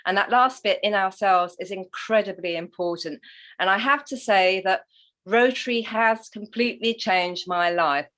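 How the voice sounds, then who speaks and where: A woman's voice: mid-range voice, moderate pace, a bit bright. A middle-aged woman with an English accent, talking as a guest in a casual interview, chatty and upbeat. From England. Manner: chatty and upbeat, calls the host honey. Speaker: guest, Rotary leader.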